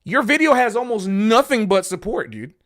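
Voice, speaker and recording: Animated, emotional man ranting on stream. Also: high-pitched, normal speed. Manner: emotional and passionate, says bro a lot. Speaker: jazz musician streaming a Q&A. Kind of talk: casual livestream rant.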